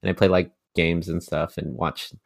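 A man with a very low voice hosts a casual podcast interview. He talks in a supportive, loose, rambling way and laughs easily. The sound is close and dry. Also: little pitch movement, normal speed, vocal fry, no echo. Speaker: podcast host.

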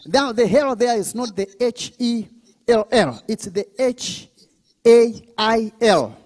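A male pastor preaching a sermon at a church service, drawing call-and-response from the congregation, with bursts of shouting and speaking in tongues. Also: extremely high pitch, lively intonation, slow pace, big-room sound.

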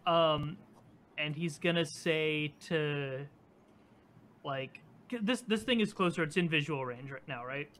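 A man with a fairly high voice playing a tabletop role-playing game. He describes his character's moves in a rambling, animated way, full of fillers. Faint noise sits under his voice. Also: a little slow. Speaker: player.

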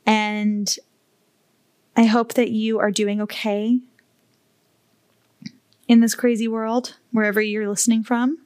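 A woman hosting a solo podcast, talking slowly and candidly with open emotion and casual swearing. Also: fairly high pitch, little pitch movement, a little mellow, clean tone, no echo. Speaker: podcast host. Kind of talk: heartfelt solo podcast talk.

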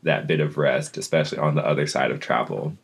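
A man's voice: a bass voice, steady tone, fast, gravelly, slightly rough. A man chatting casually as a podcast co-host, rambling through a story with lots of fillers. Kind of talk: casual chat.

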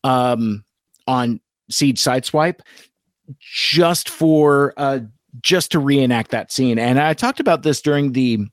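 A man chats his way through a live-stream toy review in a halting, rambling manner, stopping often and starting over. His voice sits at an ordinary middle pitch. The sound is dry and close, with no room echo. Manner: rambling, halting, many fillers and restarts.

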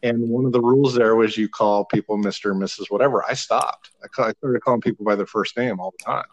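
A man in his thirties telling a long, animated, profane story in casual podcast chat, laughing now and then. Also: lowish voice, fast talker, poor audio.

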